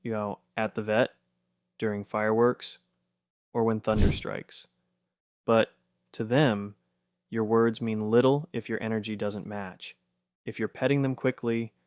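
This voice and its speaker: A man reading a scripted narration in a soft, steady, reassuring way. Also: fairly low pitch, clean tone, no echo, clean studio sound.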